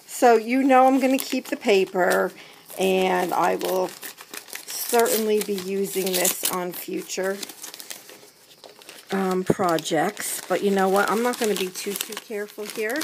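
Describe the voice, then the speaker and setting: A woman vlogger unboxing a handmade gift, gushing and gasping, often dropping into soft whispers as she talks to the camera she holds. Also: mid-range voice, unhurried, vocal fry, noisy background. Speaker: crafting vlogger. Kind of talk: excited unboxing chat to camera. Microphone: handheld camera mic.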